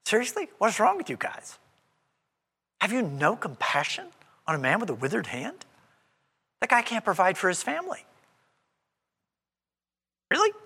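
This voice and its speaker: A man playing a calm yet exasperated teacher pressing his critics with pointed, plain-spoken questions. The voice is high and bright. A long hall reverb rings behind him. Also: normal speed, long pauses, breathy edge, exaggerated voice.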